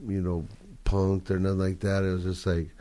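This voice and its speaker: A man's voice: low-pitched, monotone, normal speed, dark tone. A man guest on a podcast, a photographer, telling stories in a laid-back, slangy, profane way. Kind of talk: casual storytelling on a podcast.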